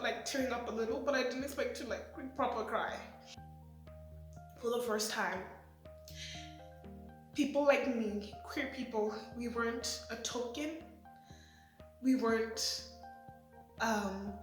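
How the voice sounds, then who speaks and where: A woman in her twenties talking through a show review, excitable and rambling with lots of fillers. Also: sits high. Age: 20s. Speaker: vlogger. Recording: echoey room, faint music.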